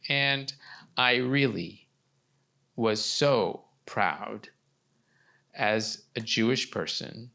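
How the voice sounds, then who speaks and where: A man interpreting for a deaf guest in the first person on a live talk show, delivering his words in measured phrases. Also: medium pitch, vocal fry, sharp tone. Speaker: sign language interpreter voicing a deaf guest. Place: TV studio with a live audience.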